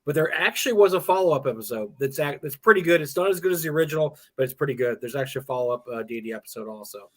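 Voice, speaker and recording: A man in casual livestream chat, rambling through animated anecdotes and acting out the quotes. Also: mid-range voice, very fast, hardly any pauses.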